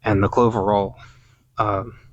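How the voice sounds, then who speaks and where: A man hosting a casual podcast, musing out loud while working outdoors in his orchard, meandering and sometimes hunting for words. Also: lowish voice, flat delivery, a little slow, no echo, dull audio. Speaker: podcast host. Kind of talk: casual rambling monologue.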